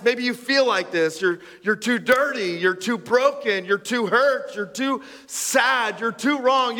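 A man's voice: very high-pitched, sharp tone, long reverb tail. A man preaching a sermon as a pastor, talking conversationally with self-deprecating asides and stammered restarts.

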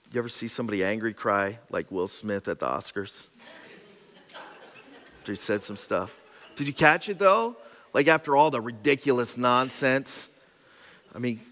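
A man preaching a sermon as a pastor, swinging between loud, urgent passages and soft, hushed ones, repeating phrases for emphasis with casual fillers. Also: lowish voice. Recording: long reverb of a large hall.

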